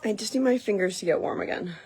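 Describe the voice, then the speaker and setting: A woman's voice: mid-range voice, quick pace, darkish tone, breathy edge. A woman livestreaming on her phone, out of breath and chatting with her viewers. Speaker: vlogger. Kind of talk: casual livestream chat. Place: outdoors in a snowstorm, then indoors at home. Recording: phone mic with wind noise. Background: wind and noise.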